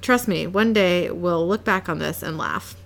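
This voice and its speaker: A woman's voice: fairly low pitch, unhurried, creaky. A woman reading the lines of a smug, scheming male angel, in a glib and mocking way, without doing much of a voice.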